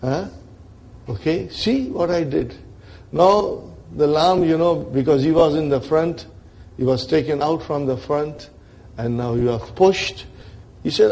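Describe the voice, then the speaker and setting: A man's voice: on the high side, a little slow, vocal fry, darkish tone. A man teaching an Arabic grammar class in lecture style, often checking in with his listeners.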